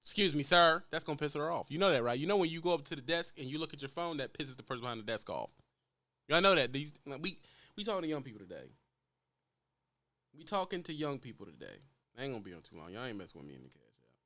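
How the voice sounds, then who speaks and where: A man's voice: medium pitch, sing-song, quick pace, fairly bright tone, dry recording. A man with a Louisiana accent, a truck driver lecturing bluntly and profanely in a ranting vlog.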